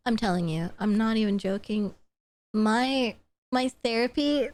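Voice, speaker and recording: Excitable high-voiced young woman streamer. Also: measured pace. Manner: excitable, gushing, swears freely; laughs often. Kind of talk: casual live-stream chat.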